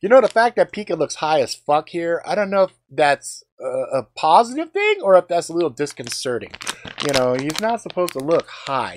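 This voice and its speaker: A man chatting casually on a live stream, rambling with lots of fillers and swearing, breaking into loud exclamations as he tastes snacks. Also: fairly high pitch.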